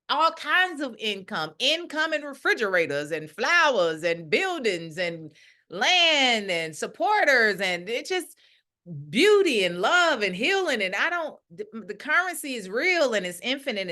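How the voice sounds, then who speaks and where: A middle-aged woman leading a ministry, giving a casual spiritual talk and acting out the voices of the people she quotes. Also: mid-range voice. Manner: animated, acts out quoted voices. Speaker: ministry leader.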